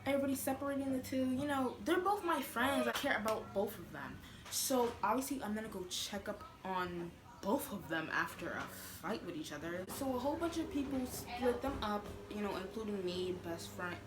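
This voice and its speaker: Brief: young adult woman, high pitch, sassy animated storyteller, echoey noisy room. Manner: animated, sassy, lots of fillers. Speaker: vlogger. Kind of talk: casual storytime.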